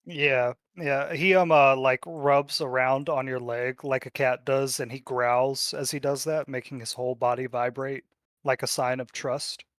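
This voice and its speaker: A man running a tabletop game as game master, describing scenes in a relaxed, filler-dotted storytelling manner. His voice sits in a plain middle register. The recording is dry and close. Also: mid-range voice, measured pace, no echo.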